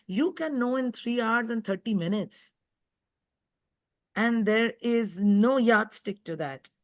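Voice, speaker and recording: A woman's voice: a little high, expressive, slow. Earnest woman speaking over a lo-fi call. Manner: earnest, emphatic, heartfelt. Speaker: guest speaker and author. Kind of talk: live online talk. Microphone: video call. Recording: dull lo-fi web call audio.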